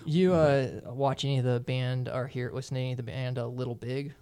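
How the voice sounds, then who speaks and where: An American man chatting casually, giving his views quickly and laughing easily. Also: medium pitch, fairly even intonation, mellow, smooth. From United States. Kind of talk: casual chat.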